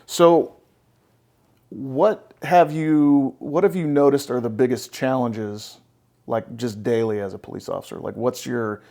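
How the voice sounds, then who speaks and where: Blunt, gravelly-voiced male podcast host. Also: mid-range voice, a little slow, dark tone. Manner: blunt, profane, emphatic, keeps checking with "right?". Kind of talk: casual podcast conversation.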